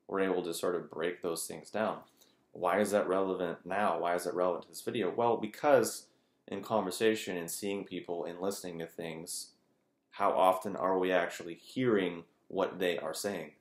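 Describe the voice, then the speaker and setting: A man's voice: sits low, echoey room. A man talking casually to his channel's viewers, rambling loosely and peppering his thoughts with "like" and "kind of". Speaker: spiritual teacher, YouTuber. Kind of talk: casual monologue to camera.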